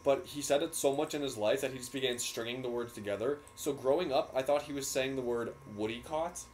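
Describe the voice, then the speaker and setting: A man's voice: mid-range voice, fast, a little mellow. Young man, rambling, stop-start storytelling, faint background noise. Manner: rambling storyteller with many restarts. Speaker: podcast co-host. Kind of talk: casual chat.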